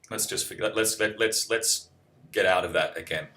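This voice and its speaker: This young New Zealander has a low voice and a bright, forceful tone, moving at a moderate pace as he reads out viewer questions during a live stream. He chats in a rambling, wry manner, frequently interrupting himself.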